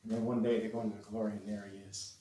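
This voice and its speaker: A man's voice: on the low side, level tone, racing, mellow. A man preaching a sermon, emphatic and repetitive, often restarting his sentences with fillers. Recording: roomy echo, distant mic, faint noise.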